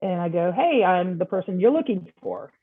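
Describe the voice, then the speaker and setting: A woman guest on a podcast, telling a personal story in a casual, animated way and acting out the dialogue. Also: lowish voice, normal speed, slightly rough, no echo. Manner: animated, acts out quoted dialogue. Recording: tinny phone-like line.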